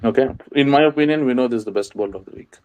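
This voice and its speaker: A man's voice: mid-range voice, rapid-fire, darkish tone, dull audio, a little hiss or hum. Male panelist, opinionated and chatty, mid voice, video call. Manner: opinionated, argues with stats, lots of "you know". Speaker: cricket panelist.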